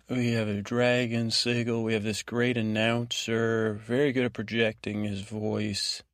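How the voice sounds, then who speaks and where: A man hosting a podcast, giving a meandering bedtime recap that is full of halting restarts and fillers. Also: fairly low pitch, no echo, clean studio sound. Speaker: podcast host. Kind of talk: rambling bedtime recap monologue.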